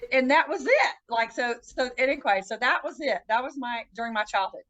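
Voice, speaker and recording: A woman with a fairly high voice tells her life story as a podcast guest. She talks casually and earnestly, restarting her sentences as she goes. When she quotes people, her pitch jumps sharply. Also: animated, a bit bright, muffled recording. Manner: earnest, halting, with frequent restarts.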